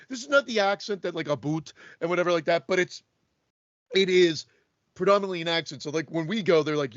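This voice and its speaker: A man's voice: sits high, a bit bright, no room sound, dull audio. A Canadian man co-hosting a podcast in casual chat, rambling with many restarts and stammers. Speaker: podcast co-host.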